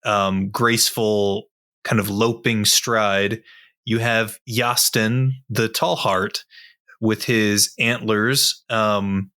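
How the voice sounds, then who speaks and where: A man playing a tabletop game, slowly describing his character with many pauses. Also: fairly low pitch, fairly even intonation, pushed and bright, clear, resonant tone. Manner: slow, rambling description with many ums. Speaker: player. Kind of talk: tabletop role-play.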